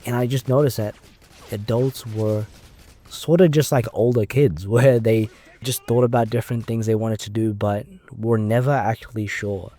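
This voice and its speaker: Sitting in his car, a YouTuber in his twenties talks off the cuff in a casual, rambling monologue, thinking aloud. His voice is on the low side and warm, with fairly even intonation at a normal speed.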